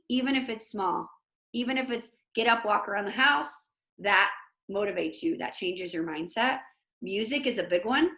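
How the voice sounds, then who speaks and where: A woman teacher giving an informal motivational talk over a video call, chatty and animated, with lots of fillers. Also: medium pitch, echoey room. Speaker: host of an online motivation talk.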